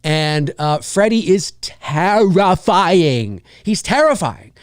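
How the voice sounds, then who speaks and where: A man hosting a live film talk, enthusiastic and rambling with many fillers, dropping into quick mimicked voices. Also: sits high, big pitch swings, no room sound, studio quality. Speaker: host.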